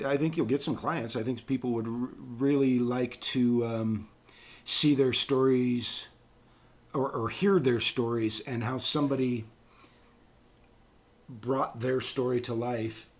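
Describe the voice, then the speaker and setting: Chatty male voice actor, mid-pitched. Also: steady tone, takes it slowly. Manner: chatty, rambling storyteller. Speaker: voice actor guest. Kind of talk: casual interview chat.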